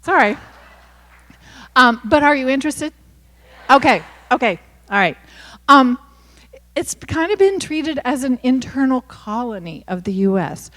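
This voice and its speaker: A woman in her sixties from Kentucky, with a softened Appalachian accent, gives a candid, chatty talk to an audience at a university, full of self-deprecating asides, fillers and restarts. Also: high-pitched, animated, a little slow. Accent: Appalachian Kentucky, softened toward neutral. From Kentucky, USA. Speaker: author giving a talk. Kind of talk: casual talk with audience questions. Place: university lecture hall. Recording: hall with long reverb.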